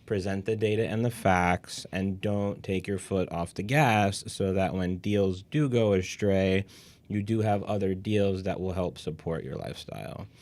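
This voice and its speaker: A man's voice: deep voice, measured pace, a little mellow. Blunt, rambling male podcast host. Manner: blunt, coaching, rambling with filler words. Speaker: podcast host and real estate coach. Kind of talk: casual podcast chat.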